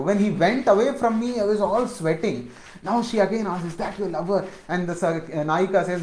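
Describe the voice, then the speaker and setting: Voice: mid-range voice, expressive, moderate pace, a little mellow. Hesitant lecturer, roomy sound. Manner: hesitant, many fillers, translates recited verses line by line. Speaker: lecturer on poetry. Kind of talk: informal lecture explaining verses. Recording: roomy echo.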